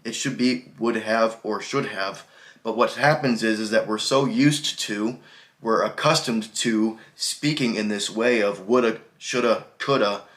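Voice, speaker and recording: American man teaching English casually. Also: on the low side. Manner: relaxed, conversational explaining with spoken examples. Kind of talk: casual video lesson.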